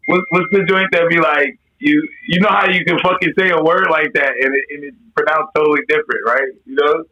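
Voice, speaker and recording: A man's voice: a little high, fairly even intonation, a little fast, dull audio, noisy background. A man joking around on a casual podcast, slangy, often restarting his sentences.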